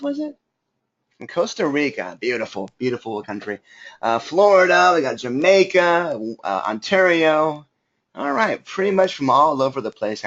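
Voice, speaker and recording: A man's voice: medium pitch, a bit bright. Chatty man hosting a live webinar. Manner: chatty, greets viewers, many fillers. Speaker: webinar host. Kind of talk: casual live webinar talk. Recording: slightly dull lo-fi audio.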